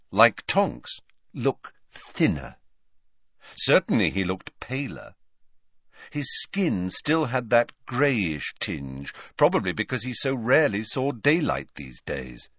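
Low, lively-voiced male audiobook narrator. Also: dry recording, clean studio sound. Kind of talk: scripted narration.

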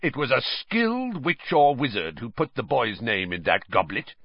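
A man's voice: medium pitch, big pitch swings, moderate pace, dry recording, voice pushed up. A man voicing a suspicious, grizzled old male wizard who growls menacingly, on slightly dull audio. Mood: gruff.

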